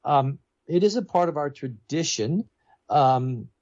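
A man's voice: fairly high pitch, expressive, unhurried, darkish tone, dry recording, lo-fi sound. A man, a pastor, is a guest on a talk program, explaining theology in an earnest, explanatory way.

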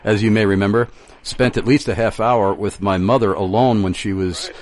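A man in a casual conversation, speaking in a measured, reflective way. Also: lowish voice, fairly even intonation, darkish tone.

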